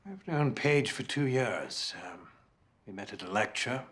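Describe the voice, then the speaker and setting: An actor playing a composed, cunning middle-aged male author who speaks in a measured, formal and coolly polite way in a courtroom film drama. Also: mid-range voice, animated, a bit bright. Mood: calm. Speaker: crime novelist on trial.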